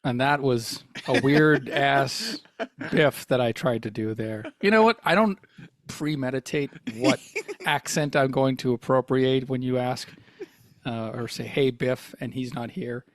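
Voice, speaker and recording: A man's voice: mid-range voice, a little slow, no echo, studio quality. A man co-hosting a casual podcast, rambling and wry and self-deprecating. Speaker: podcast co-host.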